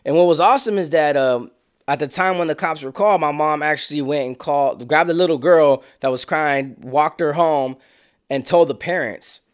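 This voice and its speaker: A man's voice: moderate pace, clean tone. Slangy man telling wild stories. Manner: slangy, animated, acts out quotes in lower voice. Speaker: storyteller. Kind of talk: casual street storytelling.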